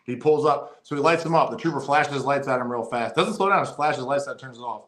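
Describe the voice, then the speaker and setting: A man of middle pitch telling a police story in casual podcast chat, often restarting and repeating phrases. His voice rings around a roomy, echoey space. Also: quick pace, fairly bright tone. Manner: frequent agreeing interjections, repeats phrases. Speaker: podcast co-host, police officer. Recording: echoey room.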